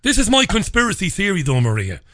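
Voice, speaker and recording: A male podcast host speaks earnestly, rambling as he works through speculative theories. His voice is pitched fairly high. He talks in a loose, conversational way. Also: wildly swooping pitch, quick pace, fairly bright tone.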